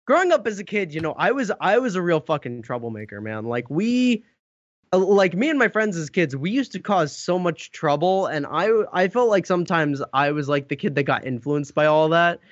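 High-voiced man, halting casual chat. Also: sing-song, no echo. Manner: halting, many restarts, casual swearing. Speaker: podcast guest. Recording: dull lo-fi call audio.

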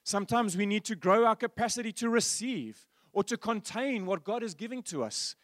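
A male pastor preaching a sermon, telling stories that swing from animated to hushed. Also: high-pitched, moderate pace, no room sound, clean studio sound.

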